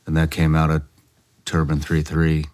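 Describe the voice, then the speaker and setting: A male podcast host speaking slowly and hesitantly in an interview, pausing often with "uh.". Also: a bass voice, monotone, darkish tone. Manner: slow, hesitant, many "uh" pauses. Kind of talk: interview conversation. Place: podcast studio.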